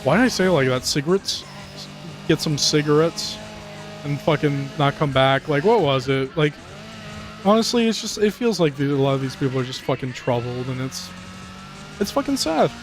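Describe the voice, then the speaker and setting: A man with a somewhat high voice rants and rambles while commenting on a racing game, swearing freely and jumping from topic to topic. Faint game music plays under his talk. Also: brisk. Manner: profane, rambling, animated rants. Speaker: gaming commentator. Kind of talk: gameplay commentary, ranting. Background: game music and car engines.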